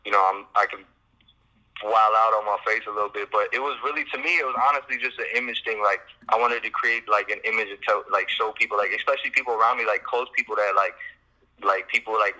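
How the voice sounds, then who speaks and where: A man's voice: lowish voice, pushed and bright, rough recording. A man from Chicago, a musician guest, telling a story in a loose, laid-back way with lots of fillers and swearing. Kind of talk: casual storytelling interview.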